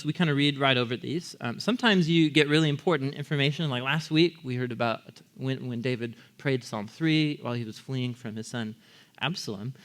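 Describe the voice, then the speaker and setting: In a church, a pastor with a slightly high, fairly bright voice preaches a sermon, addressing the congregation conversationally and putting questions to them.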